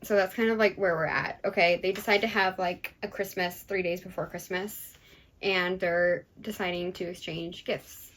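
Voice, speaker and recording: A young woman co-hosts a casual book talk. She backs up her friend with quick agreement and walks through the plot. Now and then she reads a passage from the book out loud. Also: fairly low pitch, fairly even intonation, low-quality recording. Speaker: book podcast co-host.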